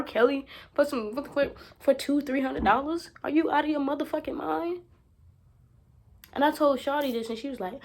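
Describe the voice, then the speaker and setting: A woman's voice: mid-range voice, normal speed, a little hiss or hum. A young woman vlogging in a casual monologue, blunt and profane, swearing freely and repeating her points for emphasis. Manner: emphatic, repeats herself for effect. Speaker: self-help vlogger.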